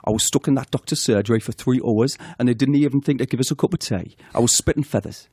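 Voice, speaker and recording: A man's voice: mid-range voice, fast talker, darkish tone, breathy edge, no echo, studio quality, close to an everyday voice. A man putting on a grumbling old Geordie grandmother.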